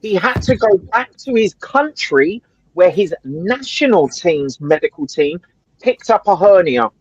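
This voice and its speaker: High-voiced ranting man, lo-fi dry sound. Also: very animated, measured pace, breathy edge, no room sound. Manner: ranting, swears a lot, keeps asking "right?". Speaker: co-host of a fan livestream. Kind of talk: casual heated chat.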